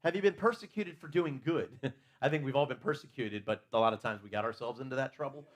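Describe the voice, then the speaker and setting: A man's voice: mid-range voice, fast talker. A man preaching a conversational sermon in a church, asking his listeners questions and talking openly about his own faults.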